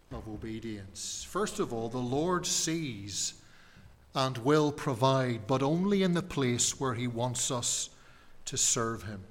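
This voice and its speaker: A man preaching a sermon in a measured, emphatic way, repeating key phrases and letting his voice fall quiet at the ends. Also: medium pitch, long reverb tail.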